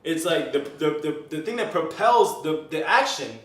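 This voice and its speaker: A man's voice: a little high, expressive, moderate pace, fairly bright tone. A man hosting a comedic mock-news show as anchor and bartender, rambling and swearing loosely while making drinks. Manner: rambling, profane, loose and joking. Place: bar. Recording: roomy, distant mic, faint noise.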